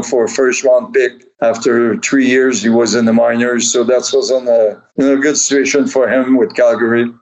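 A man who coaches goalies speaks frankly in short, broken phrases. His tone is flat, and the recording sounds muffled. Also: medium pitch. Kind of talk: interview recollection. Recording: dull lo-fi sound.

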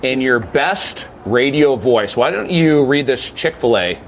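A man's voice: mid-range voice, animated, a little slow, slight background noise. Easygoing young male podcast host. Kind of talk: casual podcast chat.

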